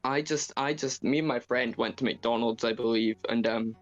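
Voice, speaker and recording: Scottish man, mid-pitched, halting and stammering, mock confession on a voice call. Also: dull audio, faint music behind. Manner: hesitant, stammering. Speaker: caller confessing.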